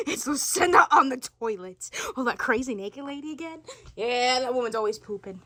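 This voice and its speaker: A woman tells a homemade family role-play, voicing every family member herself with a distinct character voice for each. Her pitch is fairly high and her intonation lively, at a normal speed with a fairly bright tone. There is slight background noise.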